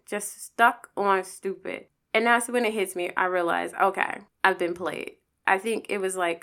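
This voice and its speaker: A woman with a gravelly, creaky edge in her voice tells a personal story in a casual monologue. She talks candidly and animatedly, swearing freely and acting out the quotes of the people in her story. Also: mid-range voice, a bit bright.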